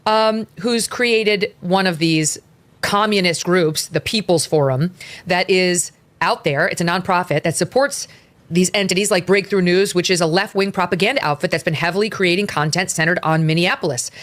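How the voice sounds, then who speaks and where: A woman's voice: fairly low pitch, normal speed, a bit bright. A woman on a political panel, talking heatedly and swearing when she gets angry.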